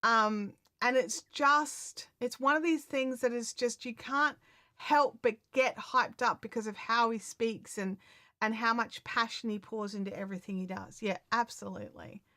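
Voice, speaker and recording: A woman talks to her live-stream audience in a loose, excitable way, stopping and restarting her sentences. Her voice sits a little high. The sound is dry and close, with no room echo. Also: moderate pace. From Australia. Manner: chatty and excitable, many fillers and restarts. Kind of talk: casual live-stream chat.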